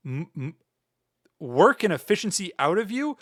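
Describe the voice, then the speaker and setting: Lively man rambling on a livestream. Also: high voice, normal speed. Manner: joking, rambling, tacking "meow" onto sentences. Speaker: streamer. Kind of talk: casual livestream chat.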